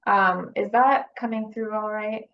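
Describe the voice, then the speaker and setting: A woman's voice: medium pitch, steady tone, unhurried. A woman, a nonprofit director, presenting on a video call in a plain, organized way. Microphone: computer mic on a video call. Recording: dull, lo-fi call audio.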